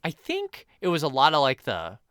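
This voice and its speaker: A man's voice: a little high, normal speed, clear, resonant tone, dry recording, clean studio sound. A man co-hosting a casual movie podcast, sharing film trivia with lots of fillers. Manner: animated, shares film trivia with filler words. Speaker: podcast co-host.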